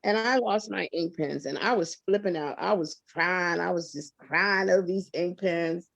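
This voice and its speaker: A woman's voice: on the low side, moderate pace, vocal fry. A woman talks as a guest on an interview show. She tells her stories with lots of emphasis and feeling, her voice swinging as she makes a point. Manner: expressive, emphatic, laughs often. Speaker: guest singer. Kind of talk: animated interview storytelling.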